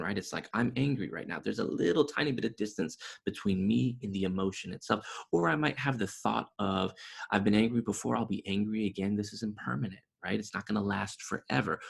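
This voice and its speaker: A man's voice: on the low side, vocal fry, breathy edge. A man coaching mindfulness in a webinar, explaining through analogies and often checking in with "right?". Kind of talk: webinar teaching talk.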